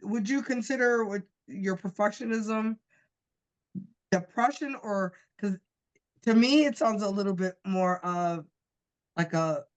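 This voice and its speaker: A woman's voice: medium pitch, a little slow. A woman hosting a podcast, asking an interview question tentatively and searching for her words. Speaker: podcast host.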